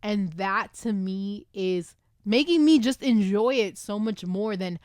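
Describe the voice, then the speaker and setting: A woman host excitedly talking through a book she loves, gushing with lots of fillers, in a casual review chat recorded at home on a desk microphone. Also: medium pitch, unhurried, no echo, studio quality. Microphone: desk microphone with camera.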